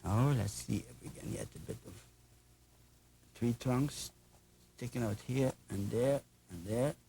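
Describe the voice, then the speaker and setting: A man's voice: mid-range voice, measured pace, creaky, warm tone, slight background noise, rough recording. An older man with a German accent, teaching a painting lesson in an enthusiastic, folksy, chatty way with playful asides. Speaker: painting instructor.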